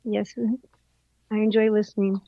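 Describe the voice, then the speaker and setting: A woman joining a livestream as a guest artist, chiming in with slow, enthusiastic remarks. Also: mid-range voice, completely flat delivery, dry recording, dull audio. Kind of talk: casual livestream chat.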